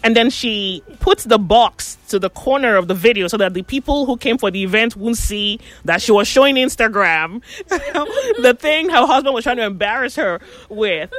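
A woman's voice: on the high side, moderate pace, hardly any pauses, faint music behind. A woman chatting casually, telling gossipy stories and acting out what people said. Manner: animated gossipy storyteller, acts out quotes. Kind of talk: casual chat, storytelling.

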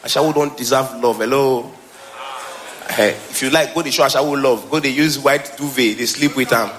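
A man with a Nigerian accent performing a stand-up comedy special on stage, animated, slipping between Pidgin and English and laughing often. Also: mid-range voice, normal speed, a little hiss or hum. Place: stage before live audience.

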